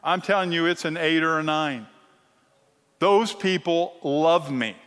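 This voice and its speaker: A middle-aged man teaching a sermon-style lesson, animated and teasing, often checking in with the crowd. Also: a little high, unhurried, smooth. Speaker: Bible teacher. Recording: long reverb of a large hall.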